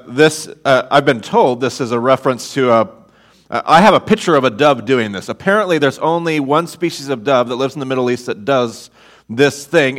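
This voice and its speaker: A man preaching a sermon as a guest speaker on a church stage, playful and animated, calling on the congregation to repeat words. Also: medium pitch. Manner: playful, animated, audience call-and-response.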